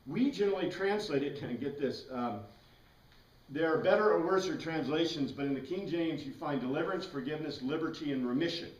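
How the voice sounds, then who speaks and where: A man's voice: on the high side, fairly quick. A man teaching a Bible class, explaining words patiently, spelling some out letter by letter, with enthusiastic asides. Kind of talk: classroom lecture. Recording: roomy echo, mic far away.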